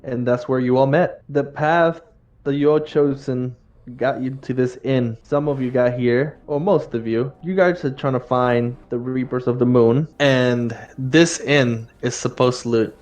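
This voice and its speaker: A man narrating a horror tabletop game as game master, casual and quick to laugh. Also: medium pitch, steady tone, a little mellow.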